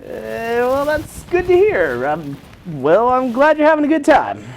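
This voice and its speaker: A woman hosting a comedy late-night show. She keeps a mock-formal, dry delivery, and her pitch swings widely from line to line. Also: wildly swooping pitch, unhurried. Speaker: talk show host.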